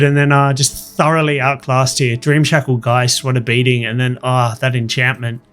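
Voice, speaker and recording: A man's voice: medium pitch, normal speed, hardly any pauses, clean tone, soft background music. A man hosting a gaming channel, casually commenting on his matches and telling stories from work. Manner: chatty, animated anecdote-telling over gameplay.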